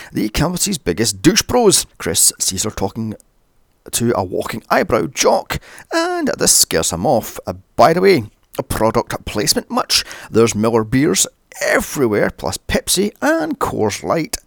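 Guy ranting sarcastically through a movie recap, gravelly voice, bouncy pitch, dry close sound. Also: a bit bright, no echo. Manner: sarcastic, sweary, exasperated asides. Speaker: movie reviewer.

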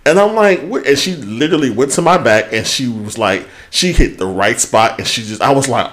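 A man co-hosting a podcast, telling a story in casual chat, animated and swearing freely as he goes. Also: medium pitch, a little fast, hardly any pauses. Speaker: podcast co-host.

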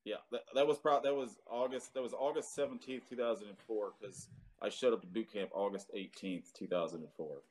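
A man's voice: fairly low pitch, brisk, a little mellow. A man in his thirties, a Marine veteran, telling his story in a casual interview with many fillers and some cursing.

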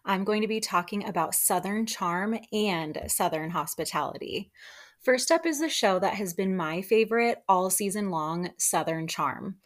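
A young woman hosts a casual chat recap, talking in a friendly, gossipy way. She is animated and often puts on other people's voices to replay what they said. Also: medium pitch. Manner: chatty and animated, acts out quotes in put-on voices. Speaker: podcast host recapping reality TV.

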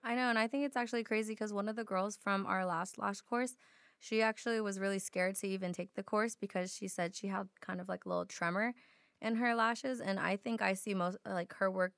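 Slightly hoarse, gravelly young woman. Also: medium pitch, brisk, no room sound, clean studio sound. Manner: relaxed, chatty, lots of fillers. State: slightly hoarse from a sore throat. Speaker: podcast co-host. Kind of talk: casual chat.

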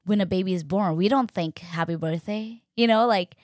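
A young woman telling a personal story in a casual, animated way, acting out quoted dialogue and using lots of fillers. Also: medium pitch, moderate pace, no echo, clean studio sound. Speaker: podcast host.

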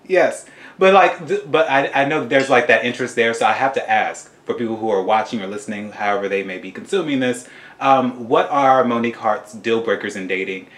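A man of middle pitch hosting a casual podcast interview and asking questions in a frank, blunt way. His voice rings in an echoey room. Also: fairly quick, fairly bright tone. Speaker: podcast host.

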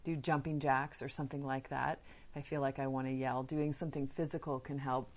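A woman with a notably low voice talks casually to listeners about parenting. Her delivery is earnest and conversational, and she drops into personal anecdotes as she goes. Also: little pitch movement, fairly quick. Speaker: parenting podcast host. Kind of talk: casual advice talk.

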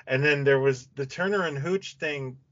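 A man's voice: medium pitch, moderate pace, a bit bright, dry recording. A man from Canada co-hosting a podcast in casual chat, laid-back, laughing often and teasing. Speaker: podcast co-host. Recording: dry, slightly dull lo-fi audio.

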